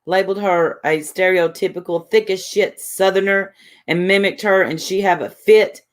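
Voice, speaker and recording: A woman's voice: mid-range voice, fairly even intonation, moderate pace. A woman, chatting casually on a livestream, rambling defensively and reading viewers' messages aloud. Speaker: livestream host.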